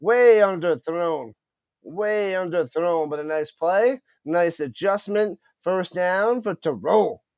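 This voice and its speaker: This man's high voice comes slowly through a dry recording. He streams excited live play-by-play of a football game, chatting with viewers and stumbling over unfamiliar player names.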